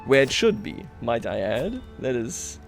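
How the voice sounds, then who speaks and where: A man's voice: medium pitch, big pitch swings, a little slow, gravelly, soft background music. A man livestreaming a strategy game, talking casually to his chat, self-mocking and chuckling often. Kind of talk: casual gameplay commentary.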